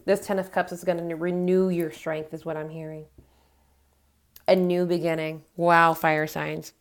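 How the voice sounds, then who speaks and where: A woman's voice: on the low side, flat delivery, moderate pace, warm tone. A woman reading tarot cards to camera, speaking earnestly and encouragingly and growing emotional as she reassures her viewers. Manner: gives affirmations straight to her viewers. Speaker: tarot reader.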